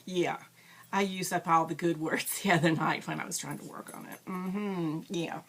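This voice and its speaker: A woman's voice: on the low side, fairly even intonation, moderate pace, a bit bright, breathy edge. A woman hosting a crafting videocast, chatting casually and rambling with frequent ums and self-deprecating asides. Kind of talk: casual show-and-tell chat.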